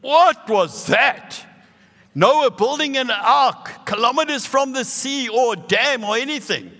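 Give me an animated South African pastor in his sixties, bright voice with a long hall echo. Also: very high voice, takes it slowly. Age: 60s. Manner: animated, bursts into loud emphatic lines. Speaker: preacher. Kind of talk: sermon.

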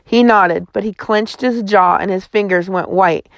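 A woman's voice: mid-range voice, unhurried, no room sound. A woman reading a chapter book aloud in a folksy first-person storytelling manner, close to the mic. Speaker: audiobook narrator.

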